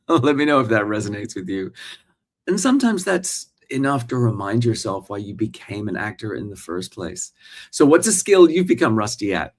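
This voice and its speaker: A man's voice: lowish voice, big pitch swings, a little slow. Man, 40s, actor hosting a live morning stream, casual, chatty, talks to viewers. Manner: chatty, talks straight to viewers and reads their comments.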